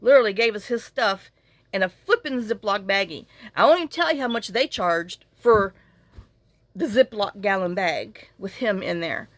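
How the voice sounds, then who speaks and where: A woman's voice: mid-range voice, expressive, a little slow, long pauses, no room sound. Woman vlogger, casual to-camera talk, tearful, rambling with many restarts. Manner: rambling, trailing off and restarting often. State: tearful, fighting back crying. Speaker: journaling channel vlogger. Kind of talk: casual to-camera vlog chat.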